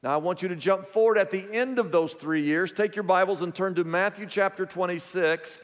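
A man's voice: sits high, a little fast. A man preaching a sermon to his congregation. He speaks with emphasis and calls on the crowd to repeat words back to him. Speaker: pastor. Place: large church auditorium. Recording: long hall reverb.

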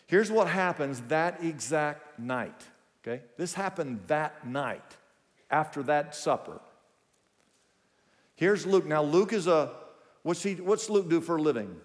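A pastor delivers an animated sermon at a measured pace, his voice in the mid range. Speaking with emphasis, he has the congregation repeat words back to him, and the large church auditorium gives the recording a long hall reverb.

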